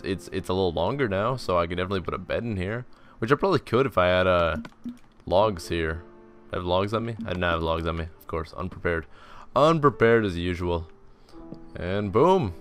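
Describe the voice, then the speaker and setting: A man's voice: sits low, animated, brisk, a bit bright, faint music behind. Rambling, tired young man gaming. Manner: rambling, self-deprecating, jokey asides. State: tired, yawning. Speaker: gaming channel host. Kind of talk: casual Let's Play commentary.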